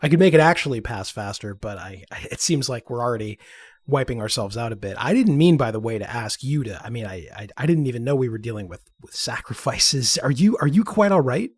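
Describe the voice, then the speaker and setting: A man's voice: mid-range voice, expressive, brisk, husky, no echo, clean studio sound. A man playing a character in a tabletop role-playing game, polite and hesitant, stumbling over his words. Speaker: player.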